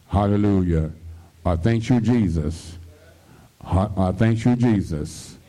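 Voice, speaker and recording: A man delivers a radio sermon. His tone is mellow and dark. He exhorts the listeners and breaks in again and again with hallelujahs and calls for response. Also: fairly low pitch. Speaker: pastor.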